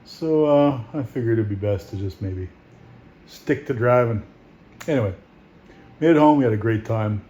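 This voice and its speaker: A man's voice: medium pitch, normal speed, pauses often, mellow, muffled recording. A man with an Iron Range Minnesota accent, narrating a casual travel vlog in an easygoing, rambling way with frequent chuckles. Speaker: vlogger. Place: outdoors at an engine show, then in a vehicle. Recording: noisy outdoor recording with vehicle sounds.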